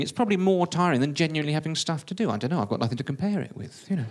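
A man's voice: fairly high pitch, expressive, rapid-fire, few pauses, slight background noise. A man telling a comic first-person story in a self-deprecating, conversational way.

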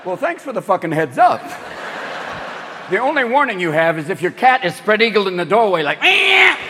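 A man performing a stand-up comedy routine, loud and profane, jumping into exaggerated character voices. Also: sits high, very animated, a little fast, noisy background. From lives in California. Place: stage before a live audience. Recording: live stage recording, audience and hall reverb.

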